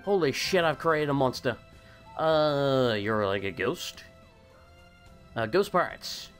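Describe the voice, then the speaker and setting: A man narrating his gameplay in a loose, sarcastic way, swearing and arguing with the characters on screen. He is getting over a cold, and his pitch swings widely and animatedly. Faint game music runs underneath. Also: expressive, slow. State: recovering from a cold. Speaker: gaming channel host. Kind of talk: casual let's play commentary.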